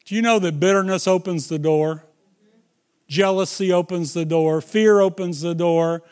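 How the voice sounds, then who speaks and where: A middle-aged man preaching a sermon, telling stories with dramatic swings between loud and hushed delivery. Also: sits high, fairly even intonation, normal speed, smooth.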